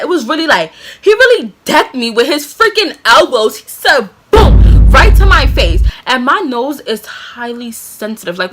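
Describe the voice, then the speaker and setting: A woman's voice: fairly high pitch, bright, forceful tone. A woman vlogger telling a personal story casually and dramatically, full of slang and acted-out moments.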